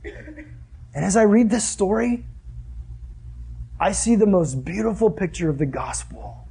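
A young man preaches with a slightly husky, fairly high voice. His tone is earnest and conversational, and he poses rhetorical questions to the congregation. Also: lively intonation, unhurried, mellow. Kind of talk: sermon.

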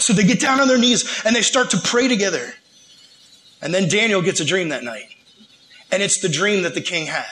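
A man preaching a relaxed, slangy sermon, with a high voice and a bright, forceful edge. He tells the story with lively, animated energy. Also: fairly quick, poor audio.

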